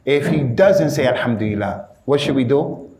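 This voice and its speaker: Animated slangy male preacher. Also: fairly high pitch, normal speed, roomy sound. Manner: animated, street-slang, keeps addressing listeners as "man". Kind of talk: informal sermon.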